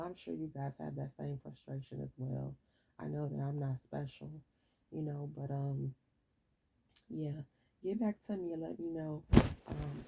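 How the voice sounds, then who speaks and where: A woman's voice: deep voice, creaky, warm tone, slight background noise, rough recording. A woman vlogging a rambling, frustrated late-night rant to her viewers, sleepy and yawning, stumbling and restarting as she talks.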